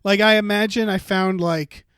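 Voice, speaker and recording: In clean studio sound with no room tone, a podcast co-host with a high, steady, slightly bright, clean voice speaks at a moderate pace. He improvises a comic story for a storytelling game, rambling and hesitant, with loads of fillers.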